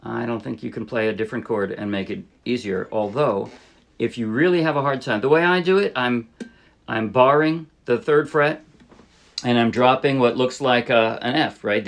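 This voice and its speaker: A man teaching a ukulele song in a relaxed, casual way, thinking aloud and correcting himself as he plays. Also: medium pitch, vocal fry. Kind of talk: casual instructional talk. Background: ukulele playing.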